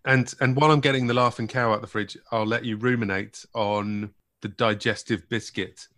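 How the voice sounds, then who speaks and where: A man with a West Country English accent, co-hosting a casual podcast chat with dry, deadpan humor. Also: on the low side, moderate pace. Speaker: podcast co-host.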